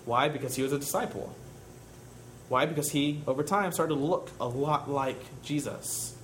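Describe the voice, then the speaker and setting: A man's voice: medium pitch, normal speed, slight background noise. A man preaching a sermon in a conversational way, telling stories and asking rhetorical questions.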